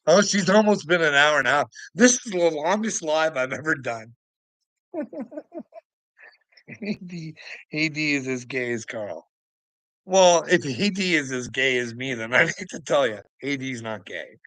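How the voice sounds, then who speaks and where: A man's voice: on the high side, big pitch swings, a little slow, pauses often, a bit bright, dry recording, low-quality recording. A man hosting a casual livestream, crude and profane, laughing often as he teases the people in his chat. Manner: crude, profane, laughs a lot between remarks; teasing, talks back to viewers' comments. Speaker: livestream host.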